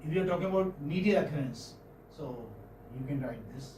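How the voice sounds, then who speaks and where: High-voiced Indian man lecturing in a classroom. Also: expressive, a little mellow. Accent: Indian English. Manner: pauses often, repeats words, checks understanding with "hmm?" and "okay?". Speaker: English professor. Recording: echoey room from far off, faint noise.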